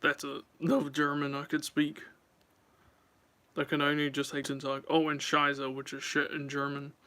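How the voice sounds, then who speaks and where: Man, live-stream chat, chatty and rambling, smooth crisp voice. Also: on the high side, completely flat delivery, moderate pace, pushed and bright. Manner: rambling, chatty, talks straight to viewers.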